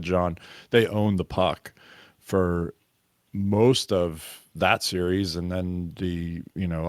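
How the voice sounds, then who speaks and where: A man's voice: deep voice, dry recording, clean studio sound. A man co-hosting a podcast, chatting about hockey in a rambling, easygoing way and laughing easily. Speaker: podcast co-host. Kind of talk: casual sports chat.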